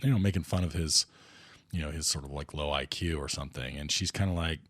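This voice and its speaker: A man's voice: a bass voice, fast talker, fairly bright tone, no room sound. A man hosting a casual movie podcast, thinking aloud and rambling with many restarts and fillers. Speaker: podcast host.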